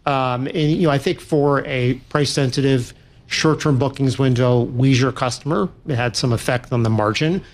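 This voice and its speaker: Measured male industry analyst. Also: medium pitch. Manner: measured, with frequent fillers and restarts. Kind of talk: interview answers.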